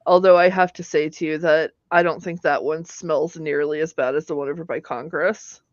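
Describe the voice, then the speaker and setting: A woman's voice: low-pitched, steady tone, normal speed, no echo. A woman co-hosting a casual political talk show, sounding exasperated and wry. She is recorded close and dry with no room sound. The mic is a little muffled. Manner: exasperated, joking, laughs often. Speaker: political podcast co-host.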